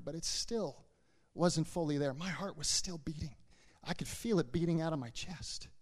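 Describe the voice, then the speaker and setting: High-voiced man preaching in a reverberant space. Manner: emphatic repetition, builds to fervent exhortation. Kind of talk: sermon with a personal story.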